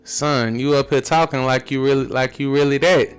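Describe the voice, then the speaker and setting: A man hosts a reaction commentary in an unhurried, drawling way. His voice is smooth and clear at an average pitch, with faint music in the background. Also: fairly even intonation. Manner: laid-back, drawling, tags lines with "man". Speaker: commentary channel host.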